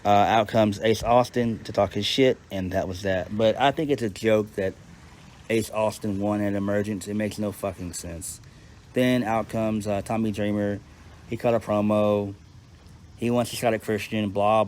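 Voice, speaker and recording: A man with a fairly low voice talks through a casual, off-the-cuff review. He is blunt and profane and often starts a sentence twice. Faint background noise sits under his voice. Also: fairly even intonation, normal speed, a little mellow. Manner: blunt and profane, with frequent restarts. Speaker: wrestling show reviewer. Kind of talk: casual unscripted recap.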